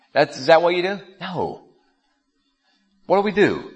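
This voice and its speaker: A man's voice: sits high, big pitch swings, a little slow, pauses often, husky. A man preaching a sermon as a pastor, telling a story in a conversational way and speaking straight to his listeners. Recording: long reverb of a large hall.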